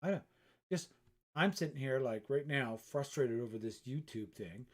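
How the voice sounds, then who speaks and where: Middle-aged guy rambling on a live stream, swears a lot, pokes fun at himself, average pitch. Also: animated, normal speed, slightly rough. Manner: rambling, self-mocking, swears freely. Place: his art studio.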